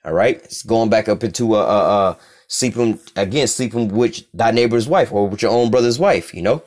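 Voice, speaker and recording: A man's voice: lowish voice, darkish tone. Blunt, profane man teaching scripture. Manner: blunt and profane, reading verses aloud slowly. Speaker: religious teacher.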